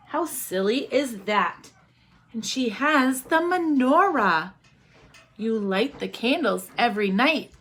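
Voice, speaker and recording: Expressive teacher reading to children. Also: female voice, fairly high pitch. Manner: expressive, asks the listening children questions. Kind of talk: picture book read-aloud for children.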